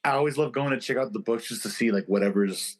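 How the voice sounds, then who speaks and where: Man, podcast co-host, laid-back, joking, low-voiced asides, mid-pitched voice. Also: fast talker. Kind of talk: casual chat.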